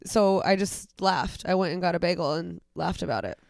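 A woman's voice: lowish voice, moderate pace, vocal fry, no echo, studio quality. A young woman co-hosting a podcast, telling an anecdote in casual chat and acting out the people in it. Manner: animated storytelling, acts out voices. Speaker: podcast co-host.

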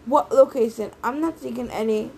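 A woman's voice: on the high side, moderate pace, a little mellow, a little hiss or hum, lightly acted, low-quality recording. A woman reading an audiobook aloud, voicing a sarcastic, stubborn teenage boy. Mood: demanding. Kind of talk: audiobook character voices.

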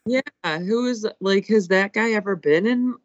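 Podcast co-host, female, mid-pitched, slightly muffled dry recording, incredulous. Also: measured pace, no echo. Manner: incredulous, quotes characters, swears. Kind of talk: casual chat reviewing a TV episode.

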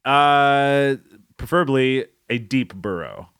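A goofy man rambles through casual podcast chat, laughing often between his tangents. His voice swings widely in pitch. The mic is close and dry. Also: expressive, takes it slowly, fairly bright tone, clear, resonant tone, no room sound. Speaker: podcast co-host.

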